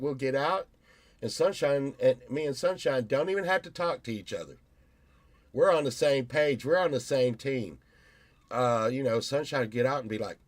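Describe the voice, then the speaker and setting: Slow-talking rambling man in his fifties. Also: medium pitch, no room sound. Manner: rambling, storytelling with many restarts. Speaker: YouTuber. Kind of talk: casual vlog monologue.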